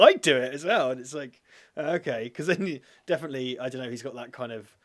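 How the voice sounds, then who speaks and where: A man's voice: medium pitch, animated, fast talker, few pauses. Rambling, sweary British man chatting. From Britain. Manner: rambling, sweary, self-mocking. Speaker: podcast co-host. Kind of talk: casual chat.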